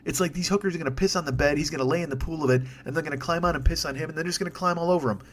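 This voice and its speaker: A man's voice: a little high, rapid-fire. A man hosting a solo comedy podcast, ranting in a profane, rambling, sarcastic way into a microphone. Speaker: podcast host. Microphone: studio microphone.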